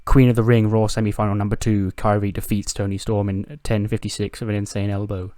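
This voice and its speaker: A man with a fairly low voice narrates his game playthrough in a loose, chatty way, jumping into playful voices for the characters. The sound is dry and close to the mic, with no room around it. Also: flat delivery, fairly quick, dark tone, no room sound. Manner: acts out quoted lines in playful put-on voices, laughs often, swears. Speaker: game series host. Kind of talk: casual let's-play narration.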